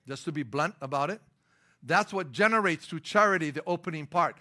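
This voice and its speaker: A man's voice: on the high side, expressive, a little fast, sharp tone. A middle-aged man preaching a sermon as pastor, emphatic and punchy, mixing scripture with personal stories. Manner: emphatic preaching with rising, stressed lines and storytelling asides.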